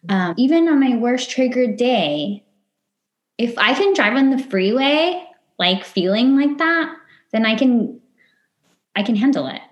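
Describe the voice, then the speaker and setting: A woman's voice: on the high side, sing-song, a little slow, highs cut off. A woman, a podcast guest, telling a personal story in conversation and acting out her past self and others in quoted lines. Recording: roomy echo.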